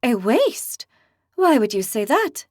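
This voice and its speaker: A gentle, gracious young Sylvaris woman, imprisoned but full of quiet hope, as a woman narrator puts her on. She speaks in a high, lively voice, recorded close and dry. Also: takes it slowly, no room sound, full character voice.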